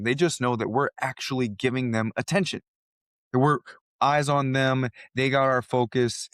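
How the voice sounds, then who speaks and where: A man's voice: medium pitch, steady tone, normal speed, a bit bright, clean tone, no room sound, studio quality. A man who works as a coach, co-hosting a podcast and telling stories from his coaching in an earnest, convinced way. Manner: earnest storytelling, speaks with conviction. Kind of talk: casual chat.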